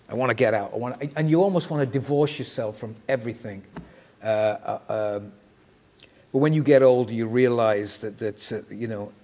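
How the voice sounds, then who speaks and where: A man from Manchester with a mid-Atlantic accent, a musician and actor telling stories in a casual interview, swearing freely. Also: mid-range voice. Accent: mid-Atlantic, Mancunian mixed with American. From Manchester, England. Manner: swears freely, animated anecdotes, trailing off softly.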